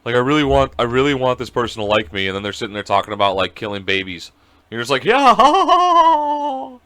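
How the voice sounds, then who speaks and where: Talking fast in a lowish voice, a thirtysomething man co-hosts a podcast by video call. It's casual chat full of animated, crude anecdotes, and he acts out voices for his child.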